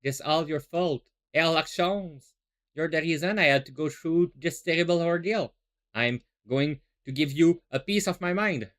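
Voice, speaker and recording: A man's voice: a little high, unhurried, fairly bright tone. A man voicing a flustered young male defense lawyer who sounds exasperated.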